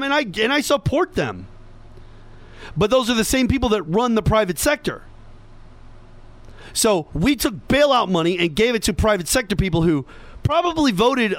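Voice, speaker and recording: A man's voice: sits high, a bit bright, dry recording. Sarcastic man ranting on a podcast. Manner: sarcastic, mocking impressions of others. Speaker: podcast host. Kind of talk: opinionated political monologue.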